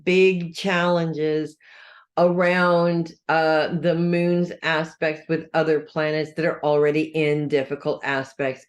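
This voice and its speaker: A woman reading weekly horoscopes in a casual, chatty way. She talks straight to her viewers and corrects herself as she goes. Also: fairly low pitch. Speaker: astrology reader.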